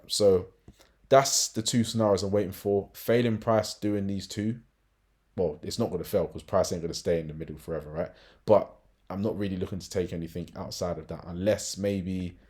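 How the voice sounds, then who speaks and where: Low-voiced man walking through trade setups. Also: darkish tone. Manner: chatty, frequent tag questions and fillers. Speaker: trading educator. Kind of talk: casual market analysis walkthrough.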